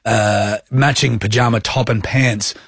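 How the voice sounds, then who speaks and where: A man's voice: lowish voice, fairly even intonation, measured pace, fairly bright tone, slightly rough, no room sound, studio quality. A man in his thirties with an Australian accent, co-hosting a radio show and telling a self-mocking anecdote. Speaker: radio co-host. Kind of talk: casual breakfast-radio banter, storytelling. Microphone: studio microphone.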